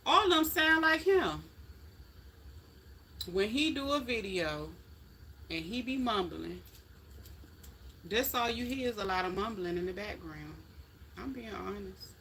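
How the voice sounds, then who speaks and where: A woman's voice: mid-range voice, expressive, a little slow, pauses often, a bit bright, a little hiss or hum. A middle-aged woman hosting a casual live stream, chatting in a folksy way straight to her viewers. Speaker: livestream host chatting with viewers.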